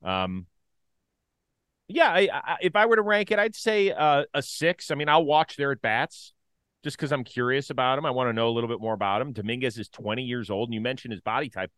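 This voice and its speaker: A male co-host in casual sports chat, his pitch leaping around in lively swings. He jumps from loud, joking outbursts to half-mumbled asides. The sound is dry and close. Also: a little fast, no echo. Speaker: baseball show co-host.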